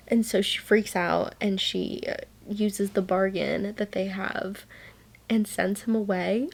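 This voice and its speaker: Slow-talking excitable young woman. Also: medium pitch. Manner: gushing and excitable, reads passages aloud. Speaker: book vlogger. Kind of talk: casual reading vlog, recapping a novel.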